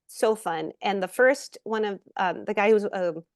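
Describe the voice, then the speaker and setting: Animated woman telling stories. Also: mid-range voice, a little slow, no echo, clean studio sound. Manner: animated storyteller, acts out quotes. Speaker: actress guest. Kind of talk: casual interview chat.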